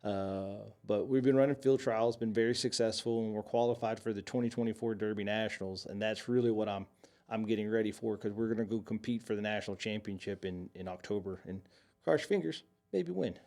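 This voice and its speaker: On the podcast, a co-host with a lowish, slightly mellow voice speaks a bit fast, recounting stories in laid-back conversation. He's rambling and animated, frequently restarting.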